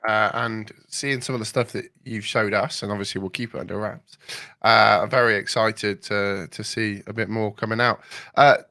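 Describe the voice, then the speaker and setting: A man's voice: lowish voice, fairly even intonation, normal speed, bright, forceful tone, no echo. A man hosting a casual podcast, upbeat and leading the segments. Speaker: podcast host. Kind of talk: casual chat.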